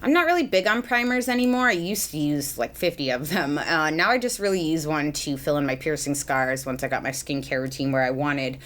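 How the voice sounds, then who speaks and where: A chatty woman in her thirties from the US talks through her makeup routine at home, rambling with fillers and self-deprecating laughs. Her voice sits low for a woman. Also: brisk, few pauses, a bit bright. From United States. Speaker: beauty vlogger. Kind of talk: chatty get-ready-with-me vlog. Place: home, at a mirror, indoors.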